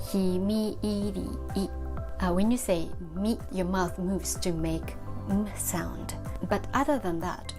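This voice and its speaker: A woman teaches pronunciation at an unhurried pace, drilling each syllable again and again. Music plays clearly behind her voice. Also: fairly low pitch. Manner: repeats syllables slowly, drilling mouth shapes. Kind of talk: slow instructional demonstration. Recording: with background music.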